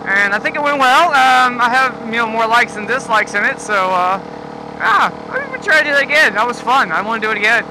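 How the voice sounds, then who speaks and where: High-voiced swearing vlogger man. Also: lively intonation, a little fast. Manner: heavy swearing, rambling with fillers. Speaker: motorcycle vlogger. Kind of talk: casual rambling rant. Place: outdoors on a street at night. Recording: noisy outdoor street with passing traffic.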